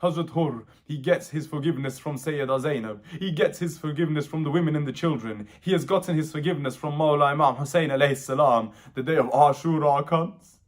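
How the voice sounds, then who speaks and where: A man's voice: on the high side, brisk, few pauses. A man narrating a mourning recitation in a rhythmic, repetitive way that swells with emotion. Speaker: mourning orator.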